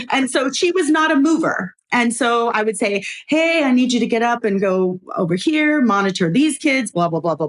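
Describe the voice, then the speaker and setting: A middle-aged woman, a guest on a podcast, telling a story in a casual, animated way, acting out quoted lines and laughing often. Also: on the high side. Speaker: podcast guest, former preschool owner.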